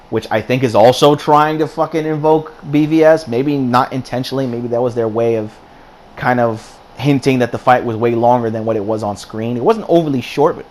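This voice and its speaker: Profane ranting male film reviewer. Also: mid-range voice. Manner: profane, ranting, repeats and restarts words. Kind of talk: casual spoken film review.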